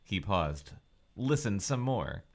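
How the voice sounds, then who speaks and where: A man's voice: lowish voice, sing-song, slow pace, gravelly. A man reading a book aloud as a podcast co-host, with mock-dramatic emotion and teasing asides. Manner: reads with mock-dramatic over-the-top emotion and laughing interjections.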